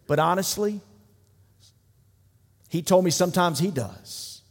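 A man's voice: on the high side, a little slow, long pauses. Passionate male pastor in a big hall. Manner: preaching with building repetition and rising intensity. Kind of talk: sermon. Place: church sanctuary. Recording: long reverb of a large hall.

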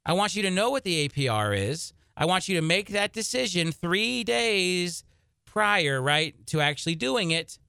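A man hosting a personal finance radio show, giving emphatic, energetic advice. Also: high voice, normal speed, creaky, clear, resonant tone, dry recording, studio quality.

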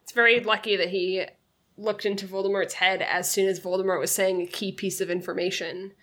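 A woman co-hosts a casual book-discussion podcast, offering wry, brief remarks. Her voice is bright and sharp-edged. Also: medium pitch, little pitch movement, brisk. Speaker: podcast co-host.

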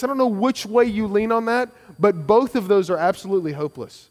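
A man's voice: sits high, fairly quick, few pauses, in a large hall. A man preaching a sermon as pastor, earnest and conversational, with frequent restarts and repeated phrases.

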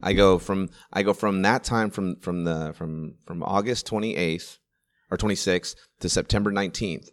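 A comedian in his forties in casual chat, telling rambling stories in quick bursts with restarts and swearing. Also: low-pitched. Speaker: stand-up comedian.

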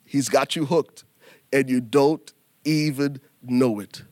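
A man preaching a sermon in an animated, folksy way, turning to the congregation and acting out little scenes. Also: mid-range voice, takes it slowly, no echo, clean studio sound. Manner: animated preaching with acted asides; folksy, addresses congregation as y'all. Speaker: pastor.

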